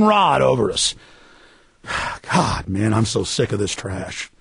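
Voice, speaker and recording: Gravelly, ranting male radio host. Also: on the low side, very animated, slow, long pauses, fairly bright tone, no echo. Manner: fiery, ranting, heated. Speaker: radio talk show host. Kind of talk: talk radio monologue.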